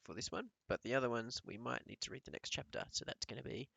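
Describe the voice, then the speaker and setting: Gravelly male teacher reading aloud. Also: mid-range voice, quick pace, no room sound, rough recording. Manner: calm storytelling narration. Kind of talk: reading a novel aloud to pupils.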